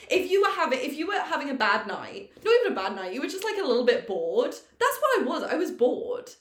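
A woman co-hosting a podcast, telling a story in a lively, swearing, self-mocking way. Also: high voice, brisk, few pauses, echoey room. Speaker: podcast co-host. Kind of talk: casual storytelling chat.

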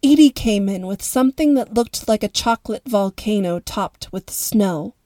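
A woman narrating a story in a calm, even way as the host of a story podcast. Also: medium pitch, moderate pace, no echo.

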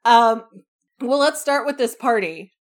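A young woman co-hosting a casual podcast about a book, relaxed and laughing along as she explains it. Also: on the high side, measured pace, noisy background. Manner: relaxed, laughs along, uses fillers like blah blah. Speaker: podcast co-host.

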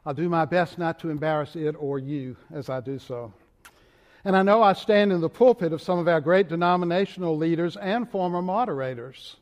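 An older man with a Southern Richmond accent, delivering a sermon from the pulpit in a measured, deliberate way. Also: on the high side. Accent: Southern US, Richmond Virginia. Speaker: moderator of denomination preaching. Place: large church sanctuary. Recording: long church reverb.

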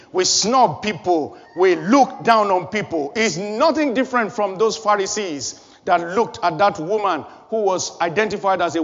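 High-voiced preaching man in a hall. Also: fairly bright tone, dull audio. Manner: preaching with rising emphasis and repeated phrases. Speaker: pastor. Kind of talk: sermon.

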